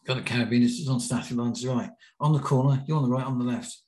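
A British man, a podcast guest, telling a lively anecdote and acting out the quotes. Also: mid-range voice, fast talker. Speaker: podcast guest, BASE jumper. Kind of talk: storytelling in an interview. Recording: roomy echo.

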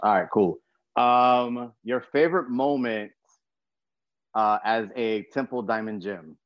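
A man's voice: mid-range voice, slow, no room sound, highs cut off. A young man hosting a podcast, chatting in a laid-back, slangy, joking way. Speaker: podcast host. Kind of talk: casual interview chat.

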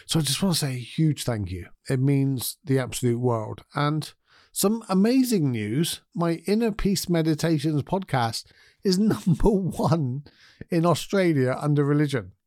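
A man hosting his own podcast, talking in a gentle, candid way and thinking aloud. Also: a little high, expressive, a little slow, dry recording, clean studio sound. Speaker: podcast host. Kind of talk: reflective solo podcast talk.

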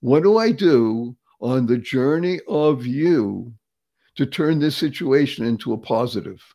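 In a mid-range voice with a dark tone and lively intonation, a man in his seventies from the Boston area speaks a little slowly as an interview guest. He's upbeat and motivational, laughing frequently and repeating words for emphasis.

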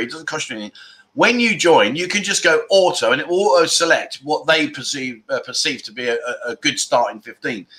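A man's voice: fairly high pitch, pushed and bright. A middle-aged man hosting a casual livestream, rambling and chatty, reading out viewer comments and swearing now and then. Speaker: livestream host.

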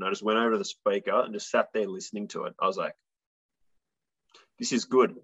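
A man's voice: on the low side, fairly bright tone, lo-fi sound. A young man, a musician guest, telling stories in a casual, rambling way full of fillers. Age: young adult. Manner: rambling, filler-heavy storytelling. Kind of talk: casual interview chat.

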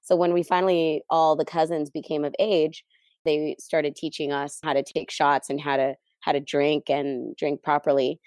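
Female guest with a deep voice, candid storyteller, easygoing, dry close recording. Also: level tone, moderate pace, darkish tone, dry recording. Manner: candid and easygoing, laughs lightly. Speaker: interview guest, event planner. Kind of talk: personal storytelling in an interview.

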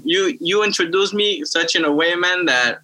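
Guy guest on a podcast, real bright sharp voice, jokey, goofs on himself. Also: high voice, moderate pace. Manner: joking, animated, self-mocking. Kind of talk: casual podcast chat.

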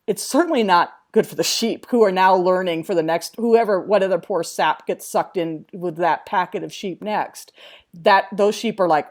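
A woman telling frank, lively stories in casual chat, acting out what people said. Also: fairly low pitch, normal speed. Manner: lively storyteller, acts out quotes.

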